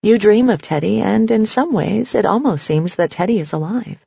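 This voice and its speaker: Casting: woman narrator, husky and gravelly, measured second-person telling, dull dry recording. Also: medium pitch, expressive, dark tone, no echo. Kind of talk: scripted story narration.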